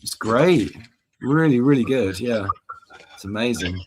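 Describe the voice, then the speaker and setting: Host type, mid-pitched man, chatty and teasing on a group call. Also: animated, a little slow, background noise. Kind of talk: casual group video chat. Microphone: video call.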